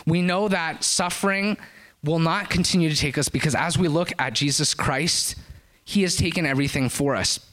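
A man preaching a sermon, telling a story in an animated way and rising to high, excited lines at the climaxes. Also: moderate pace.

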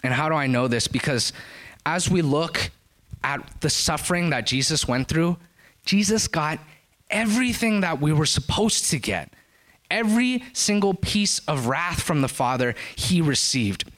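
A man preaching a sermon, telling a story in an animated way and rising to high, excited lines at the climaxes. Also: measured pace.

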